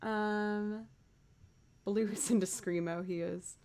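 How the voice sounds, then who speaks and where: A woman's voice: medium pitch, fairly even intonation, takes it slowly, darkish tone, slight background noise. A woman musician chatting casually on her livestream, bubbly as she thanks viewers one by one.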